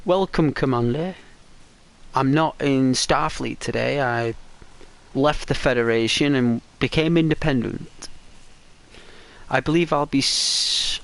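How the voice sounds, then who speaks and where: A man's voice: mid-range voice, vocal fry. A young man streaming a game, chatting casually with viewers, answering their messages, rambling and laughing often.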